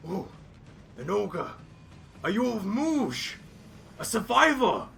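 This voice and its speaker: A man doing a booming, solemn ogre warrior. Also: big pitch swings, slow, gravelly, sharp tone, a little hiss or hum, heavily acted. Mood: surprised. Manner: booming, solemn, theatrical declarations. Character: gruff male ogre warrior, zealous heretic hunter.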